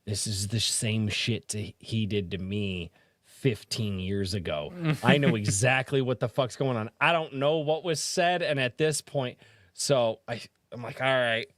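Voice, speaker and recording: A man telling a family story on a podcast in loose, casual chat. His voice is mid-pitched and sits close and dry on the mic, and he swears freely and gets animated as he goes. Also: unhurried, no room sound. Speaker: podcast host.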